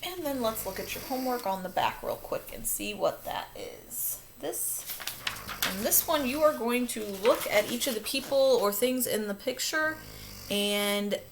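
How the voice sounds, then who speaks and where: A woman's voice: fairly high pitch, animated, a little slow. Woman teacher doing a phonics lesson, upbeat + patient, faint background hiss. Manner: upbeat, patient, self-correcting.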